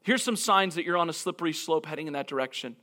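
A man preaching a sermon as a pastor, earnest and reflective, slowing down to stress key phrases. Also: fairly high pitch, pushed and bright. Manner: earnest, reflective, with frequent restarts and dramatic slowdowns.

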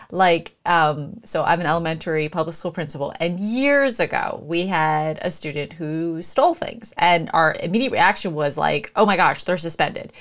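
A woman's voice: on the low side, a bit bright. A woman, a podcast host who is a school principal, asks reflective questions and searches for her words. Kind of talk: casual interview.

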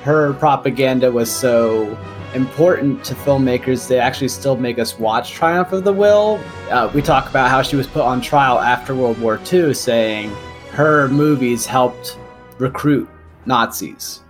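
A man's voice: medium pitch, unhurried, faint music behind. Hesitant young man musing on film. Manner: thinking aloud, hesitant with uh and restarts. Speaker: podcast co-host. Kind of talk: casual film discussion.

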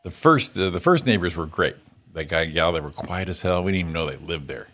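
A very low-voiced man hosting a podcast, rambling through stories with crude jokes. He talks loosely over faint background music. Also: expressive, fast, fairly bright tone. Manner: rambling storyteller with crude humor. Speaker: podcast host. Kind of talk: casual chat.

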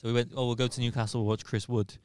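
A man's voice: mid-range voice, flat delivery, racing, darkish tone, smooth. A man chatting casually as a podcast guest, sharing football stories and singing bits of old tunes. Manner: chatty, sings snatches of football songs. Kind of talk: casual chat.

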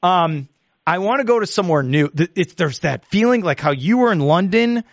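Lively high-voiced male radio host. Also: moderate pace, no echo, dull audio. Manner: animated storyteller, laughs often. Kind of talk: casual radio chat.

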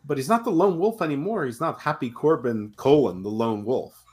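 A man co-hosting a casual chat show over a video call, joking in a wry, deadpan way and swearing casually. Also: medium pitch, moderate pace, husky. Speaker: podcast co-host.

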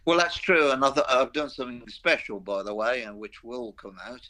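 An older man with a broad Black Country accent talks freely as a guest, drifting from one anecdote to the next. His pitch sits in an everyday middle range, and he pokes fun at himself as he goes. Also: expressive, normal speed, sharp tone. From Black Country, English Midlands. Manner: chatty, rambling anecdotes with self-mocking humour. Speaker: veteran rock guitarist, interview guest. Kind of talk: casual interview chat.

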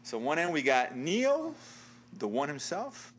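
A man's voice: on the high side, huge pitch swings, a little slow, slight background noise. A man hosting a casual podcast chat, leading a game and laughing often. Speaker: podcast host.

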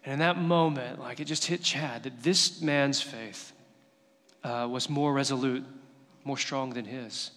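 A man's voice: mid-range voice, fairly even intonation, a little slow, fairly bright tone, long reverb tail. A male pastor giving a sermon, telling stories in an earnest, conversational way.

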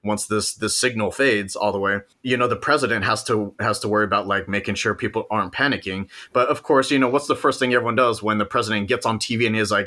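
A man's voice: fairly low pitch, fast, few pauses, bright, forceful tone. A man co-hosting a casual movie podcast, rambling through the plot, laughing often and swearing casually. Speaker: podcast co-host. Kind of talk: casual movie-review chat.

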